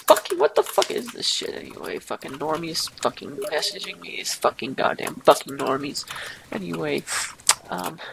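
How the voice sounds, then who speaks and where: A woman's voice: sits low, creaky, noisy background. A woman giving a parody live commentary over gameplay, rambling, boastful and swearing constantly. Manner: profane, rambling, mock-boastful. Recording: loud keyboard typing behind voice.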